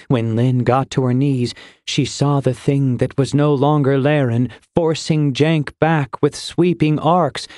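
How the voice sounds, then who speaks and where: A man reading a fantasy audiobook in measured, steady storytelling, close to a studio mic. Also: fairly high pitch, dry recording. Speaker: audiobook narrator. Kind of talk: scripted fantasy narration.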